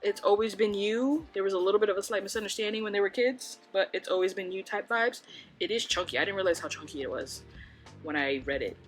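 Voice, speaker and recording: A woman's voice: medium pitch, fast, faint music behind. A young woman chatting casually about books at home, rambling with lots of "like"s. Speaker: book vlogger. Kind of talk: casual chat.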